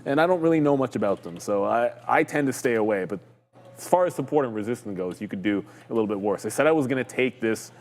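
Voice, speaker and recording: A man's voice: mid-range voice, lively intonation, fast, a little mellow, long reverb tail. A man co-hosting a live trading stream, chatting loosely about stocks with jokes and plenty of fillers. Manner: loose and joking, lots of fillers. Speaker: co-host of a live trading show. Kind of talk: casual market chat.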